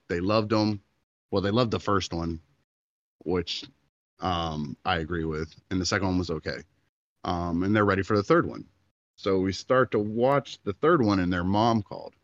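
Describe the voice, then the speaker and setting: A man's voice: deep voice, no room sound, dull audio. A man in his thirties, a podcast co-host, telling a long story in casual chat and acting out the quotes.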